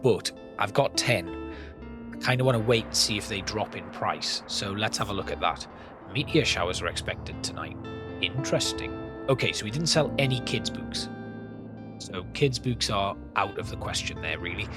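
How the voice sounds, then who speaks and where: Relaxed male let's-player with a lowish voice, talks through his choices over game music. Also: moderate pace. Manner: thinking aloud, planning, relaxed. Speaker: gameplay host. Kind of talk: casual gameplay commentary.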